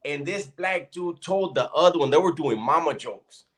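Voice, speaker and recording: Animated, slightly high-voiced man telling stories. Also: moderate pace. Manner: animated storyteller, profane, builds to punchlines. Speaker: podcast co-host. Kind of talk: casual storytelling chat.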